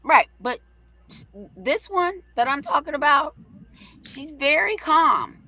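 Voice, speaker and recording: A middle-aged woman co-hosting a live talk show, telling stories in a brash, profane, animated way and acting out the quotes. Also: high-pitched, takes it slowly. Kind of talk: casual storytelling chat.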